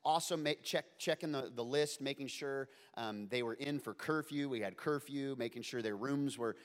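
A man in his forties, a preacher telling a humorous story in an animated, playful way with many asides. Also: medium pitch, normal speed. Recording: long hall reverb.

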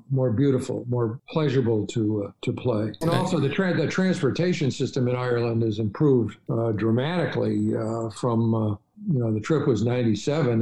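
An older man recounts his travels in a relaxed, mellow voice. He rambles along with frequent "uh"s and restarts, like a guest in a casual chat. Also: mid-range voice, low-quality recording. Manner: rambling, many fillers and restarts. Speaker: podcast guest. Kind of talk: casual storytelling interview.

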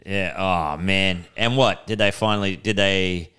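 A young Australian man trades laid-back, swearing banter as a comedy podcast co-host. His voice is on the low side yet sharp and forward, and it comes through smooth and clear. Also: steady tone, unhurried. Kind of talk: casual comedic chat.

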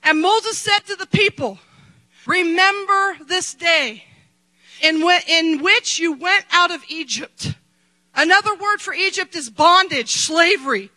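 Middle-aged lady pastor preaching, really high bright voice, gets loud then goes quiet. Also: measured pace, poor audio. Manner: impassioned, swings between shouting and quiet asides. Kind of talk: sermon.

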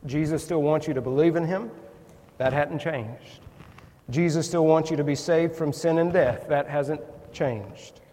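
Guy preaching in church, folksy and earnest, kinda high voice, lots of hall echo. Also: a little slow, warm tone. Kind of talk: sermon. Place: church sanctuary. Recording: long reverb in a church hall.

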